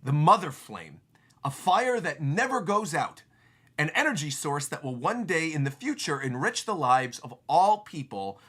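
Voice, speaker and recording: Picture a solemn elderly genius confessing his guilt, each word slow and deliberate. A man voices him in a bright voice that still rises and falls. He sounds remorseful but dignified. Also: on the high side, very animated, husky, full character voice. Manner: slow, solemn reading of dialogue. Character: elderly male genius scientist, grave and remorseful.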